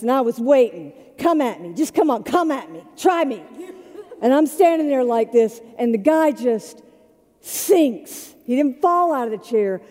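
A woman pastor preaching a sermon in a conversational storytelling way, moving between quiet and loud moments. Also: a little high, big-room sound.

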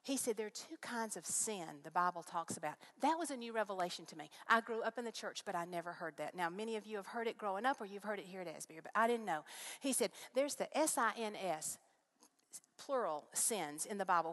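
A middle-aged woman speaking to a congregation, telling her faith story in an earnest, animated way, voice rising when excited. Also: medium pitch, a little fast. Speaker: guest speaker. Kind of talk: testimony sermon.

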